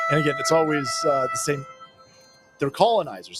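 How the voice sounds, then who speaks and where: Streaming a strategy game with music playing behind him, a man rants and swears while reading and replying to chat. His voice is fairly high and brisk, and the talk is profane gaming commentary.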